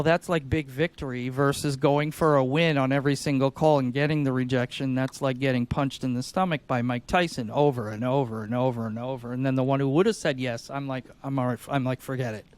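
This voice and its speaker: A man co-hosting a podcast, explaining sales tactics in an energetic, conversational way and acting out sing-song phone calls. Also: medium pitch, a little fast.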